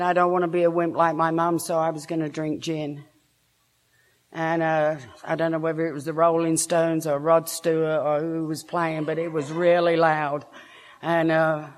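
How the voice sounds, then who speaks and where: A woman with an English accent, frankly and self-mockingly telling her own story to a recovery meeting, laughing now and then between lines. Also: low-pitched. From England. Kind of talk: personal story told to a meeting.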